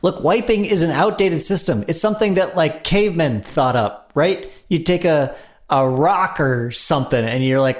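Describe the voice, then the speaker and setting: A man co-hosting a podcast, reading a sponsor ad in a playful, hammy way with jokes and shifting pitch. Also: normal speed. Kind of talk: comedic ad read in casual chat.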